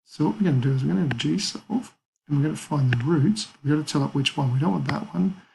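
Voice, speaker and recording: A man's voice: fairly high pitch, fast, vocal fry, a little mellow, slight background noise, poor audio. A man teaching a maths lesson, talking casually through calculator steps and thinking aloud. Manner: casual, thinks aloud with fillers and small apologies.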